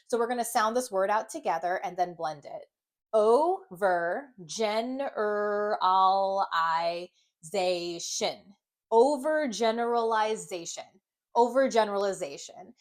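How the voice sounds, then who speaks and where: Woman reading teacher, clear and patient, sounds words out slowly for students. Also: mid-range voice. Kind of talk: instructional video lesson.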